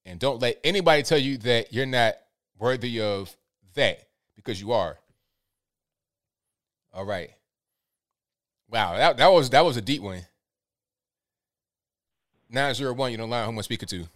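A man's voice: medium pitch, moderate pace, long pauses. A man hosting a call-in show, chatting casually and supportively with callers. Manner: relaxed, supportive, says man often. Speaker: host.

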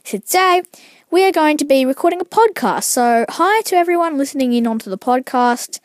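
Give me a young man acting out an over-excited gaming video host, loud and sing-song, in a dry, close sound. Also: very high voice, a little fast, no room sound, pitched above the performer's own voice. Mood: hyped. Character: hyped-up young male YouTube gaming host.

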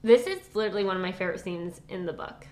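A woman's voice: fairly low pitch, fast talker, a little mellow, reverberant. A young woman co-hosting a book podcast, chatting casually and giggly, full of filler likes and sometimes dropping to a whisper. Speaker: podcast co-host.

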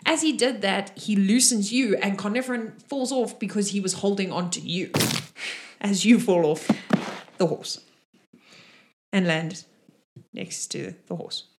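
A woman running a tabletop game as game master, narrating casually with frequent pauses and fillers. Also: mid-range voice, heavy background noise.

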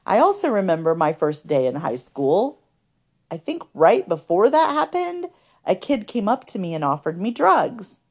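A woman's voice: medium pitch, big pitch swings, normal speed. A woman telling her life story in a podcast, earnest and conversational, with many fillers.

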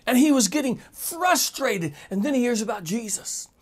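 A man's voice: very high voice, expressive, moderate pace. A man preaching a sermon, talking straight to his listeners with emphatic rhetorical questions.

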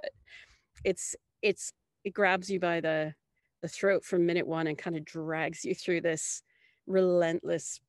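A woman from Canada, a guest in an interview, telling a story in an animated way with high bursts of laughter and many restarts. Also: unhurried, no room sound, studio quality.

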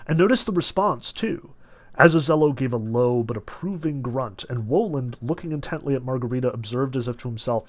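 A man's voice: mid-range voice, expressive, brisk. Chatty male lecturer, lots of fillers. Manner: chatty, many filler words and restarts; emphatic when stressing points. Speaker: literature lecturer. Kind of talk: casual lecture on a novel, reading passages aloud.

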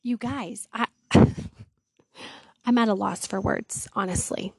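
A woman with a medium pitch and fairly even intonation talks slowly, her voice slightly rough with vocal fry, captured dry. As a devotional host, she reads Bible passages and then explains them in slangy, conversational words, sounding earnest, amazed, and quick to exclaim "wow."

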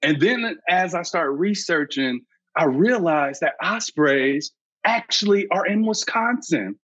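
A man, a birding educator and podcast guest, telling an excitable story and acting out his own past thoughts. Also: fairly high pitch, slow, husky, no echo, dull audio. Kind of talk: animated storytelling.

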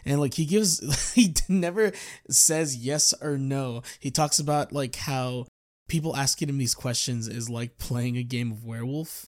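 A man talks through a solo podcast episode in an easy, rambling way, stopping to correct himself mid-sentence. His voice sits at an average pitch. The sound is close and dry, with no room echo. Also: fairly even intonation, a little slow. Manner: rambling, self-correcting, chatty. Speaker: podcast host. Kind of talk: casual solo chat.

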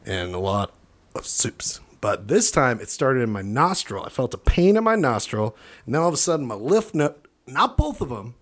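A man rambling through a loose comedy podcast chat. His voice swoops up and down in lively bursts as he jokes and swears freely. He has the hiccups while he talks. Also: medium pitch, moderate pace. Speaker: podcast co-host.

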